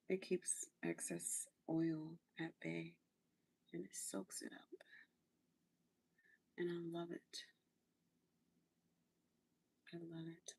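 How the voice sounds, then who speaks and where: A woman hosting a relaxed livestream, talking while she does her skincare. Her voice sits a little low, with lots of gravelly vocal fry. She coaches her viewers and repeats her phrases for emphasis. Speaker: livestream host. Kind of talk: casual livestream chat during a skincare routine.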